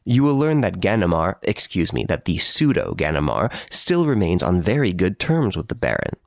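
A man voicing a suave gentleman thief who mocks the detective from his prison cell, urbane and playfully boastful. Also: low-pitched, sing-song, normal speed, vocal fry, dry recording, clean studio sound, heavily acted. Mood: teasing, smug.

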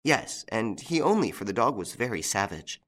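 Anxious and breathless, this frightened young French lady pleads in a raised, lilting voice, as a male audiobook narrator puts her on. Her words are quick and fearful, and her pitch leaps up high whenever she is alarmed. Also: very animated, a bit bright. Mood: earnest. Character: frightened young French woman of a country estate.

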